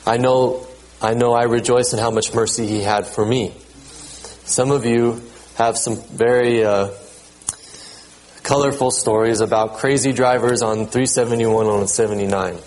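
Male pastor, relaxed sermon delivery, halting repeats, measured scripture reading. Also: medium pitch, poor audio. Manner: conversational, repeats words, checks in with "okay?"; reads scripture aloud in a measured cadence.

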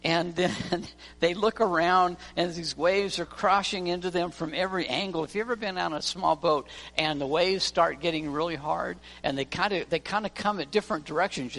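A pastor with a fairly high, somewhat bright voice delivers a church sermon, telling stories and acting out the voices of their characters. Long church-hall reverb and faint music fill the recording.

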